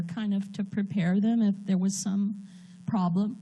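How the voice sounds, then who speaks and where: A woman giving a personal testimony in a church, speaking earnestly and haltingly while holding back tears. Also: mid-range voice, steady tone, dark tone, slight background noise.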